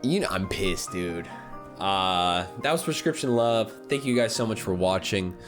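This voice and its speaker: A young man with a low voice, reading a visual novel aloud for his gaming channel. He talks in an excitable, loose way, swearing and laughing between lines. Game music plays under his voice. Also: measured pace.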